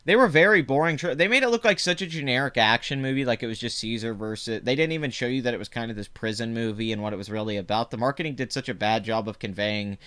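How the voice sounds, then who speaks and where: Smooth-voiced Southern man rambling. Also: medium pitch, fast, few pauses. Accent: Southern US, Louisiana. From Southern United States. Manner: rambling and animated, laughs easily, frequent restarts. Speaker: box office show host. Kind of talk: casual live chat about movie box office.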